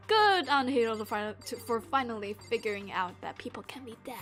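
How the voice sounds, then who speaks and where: A woman's voice: on the high side, big pitch swings, takes it slowly, long pauses, a bit bright, soft background music. A woman streaming a game, chatting in a rambling, playful way and trying out character voices, laughing often. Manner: tries out character voices aloud. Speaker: streamer playing a visual novel. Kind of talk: casual live-stream commentary and voice practice.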